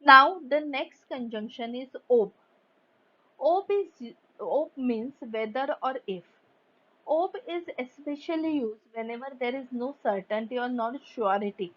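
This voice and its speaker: A woman's voice: high-pitched, measured pace. A woman teaching a German grammar lesson, reading example sentences and then explaining them carefully in English. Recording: dull lo-fi recording.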